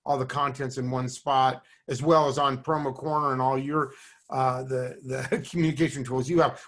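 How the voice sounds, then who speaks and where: A man's voice: mid-range voice, steady tone, moderate pace, fairly bright tone. A man co-hosting a casual live online show, upbeat as he plugs where to find the show. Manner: upbeat, promotional. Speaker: co-host.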